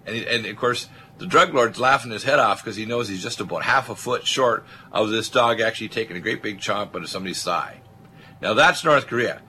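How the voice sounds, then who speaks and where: A man's voice: fairly low pitch, a little fast, sharp tone, slight background noise. A man hosting a talk radio show, speaking emphatically and rambling with many filler uhs.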